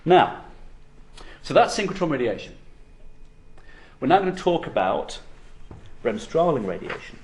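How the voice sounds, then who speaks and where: A man's voice: fairly high pitch, very animated, measured pace, pauses often, darkish tone. A man lecturing on physics to university students, explaining step by step and often checking in with "okay?".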